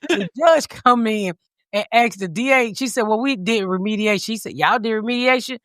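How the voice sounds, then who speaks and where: Woman podcast host, cussing and laughing through a story, kinda high voice. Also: normal speed, dry recording, clean studio sound. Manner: profane, animated, laughs while telling stories. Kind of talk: casual comedic storytelling.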